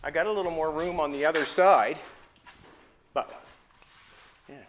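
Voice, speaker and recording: A middle-aged man talks through his car build in a garage workshop, thinking aloud and wandering off topic as he works. His voice is bright and fairly high for a man, and faint shop noise sits behind him. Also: moderate pace. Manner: rambling, thinks aloud, talks to the camera while fabricating. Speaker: car builder and show host. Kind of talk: casual shop talk while working.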